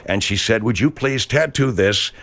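A man doing a washed-up low-voiced tattoo artist. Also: moderate pace, creaky, a bit bright. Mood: boastful. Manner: boastful, rambling, low drawl. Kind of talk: comedy radio sketch.

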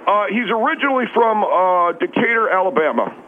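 A man doing a flustered, dim male caller, pitched high and stumbling through every sentence. He keeps fumbling names. The voice comes through a thin, tinny phone line with faint hiss. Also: expressive, fairly quick. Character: nervous bumbling adult male phone caller.

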